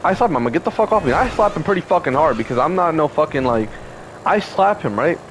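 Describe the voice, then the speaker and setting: Agitated young man, animated pitch. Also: fast talker, a little hiss or hum, low-quality recording. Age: 20s. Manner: heated, profane, repetitive fillers. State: upset, close to tears. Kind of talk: emotional personal storytelling.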